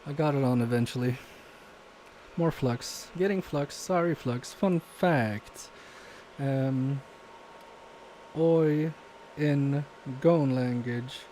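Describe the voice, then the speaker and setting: Man, live repair commentary, self-deprecating asides, warm low tone. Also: slow pace, a little hiss or hum. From Poland. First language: Polish. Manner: muttering asides while working, self-deprecating. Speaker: repair streamer.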